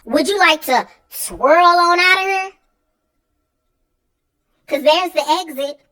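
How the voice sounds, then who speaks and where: A woman's voice: high voice, animated, slow pace, pushed and bright, voice pushed up, full character voice, poor audio. A woman voicing a tearful, defensive woman who snaps at others and sobs dramatically. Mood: snippy. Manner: snippy, then sobbing and whiny.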